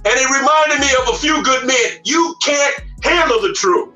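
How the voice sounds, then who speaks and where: A man giving a motivational speech, emphatic and repetitive, often raising his voice to a shout. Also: extremely high pitch, animated, moderate pace. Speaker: motivational speaker. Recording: echoey room, far from mic, faint music.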